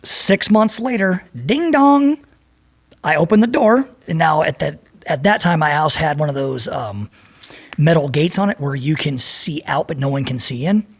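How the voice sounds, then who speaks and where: Gravelly, husky man telling a story. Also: a little high, normal speed. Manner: profane, animated, acts out voices in his anecdote. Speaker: podcast guest. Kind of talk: storytelling in a casual interview.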